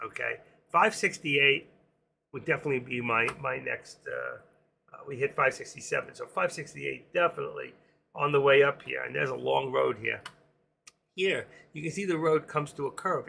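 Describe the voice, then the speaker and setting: A man in his sixties runs a casual stock trading livestream, wandering off into jokes between his chart calls. His voice is gravelly and husky, hoarse as if he is losing it, yet it stays bright and forceful. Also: medium pitch. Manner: rambling, joking asides, sings snatches of songs. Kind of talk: casual live-stream market commentary.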